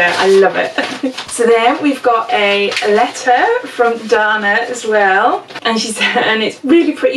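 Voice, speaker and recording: A woman's voice: a little high, distant mic, background noise. A woman in her forties, a beauty vlogger chatting casually while unboxing, gushing and exclamatory with frequent laughs. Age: 40s. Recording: echoey room, mic set back.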